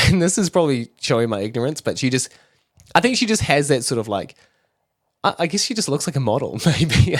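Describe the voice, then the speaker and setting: A man's voice: mid-range voice, no room sound, studio quality. A man talking casually to camera, explaining online drama with rambling, self-deprecating asides. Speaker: commentary YouTuber.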